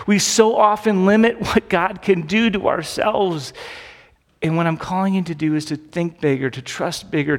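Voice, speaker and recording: A male pastor preaching a sermon, telling a Bible story with acted-out quotes and building to emphatic peaks. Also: fairly high pitch. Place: church sanctuary. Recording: long reverb of a church hall.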